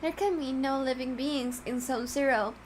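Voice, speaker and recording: A woman's voice: high-pitched, moderate pace, a little hiss or hum, pitched above the performer's own voice, lightly acted, rough recording. A woman reading the lines of a pompous, verbose male cat with formal, flowery speech, in a game. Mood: grandiloquent.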